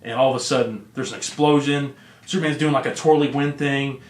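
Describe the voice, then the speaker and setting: A man's voice: medium pitch, steady tone, a little fast. A man hosting a podcast, rambling through a story in casual chat with lots of fillers. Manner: rambling retelling with many fillers. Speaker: podcast host. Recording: roomy echo.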